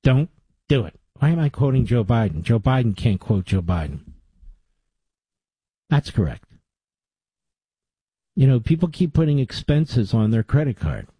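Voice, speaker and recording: This middle-aged radio host has a mid-range, dark, husky voice and is very animated, though a little slow, with long pauses. He delivers a combative, chatty monologue laced with sarcasm into a studio microphone, with no room sound.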